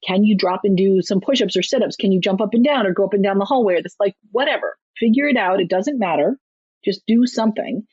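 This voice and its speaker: A chatty woman author on a podcast, talking emphatically and sometimes slipping into a higher voice to act out quotes. Her voice is husky and breathy, and the sound is dry and a little dull and lo-fi. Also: a little mellow, no room sound. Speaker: parenting author and guest. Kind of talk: podcast interview.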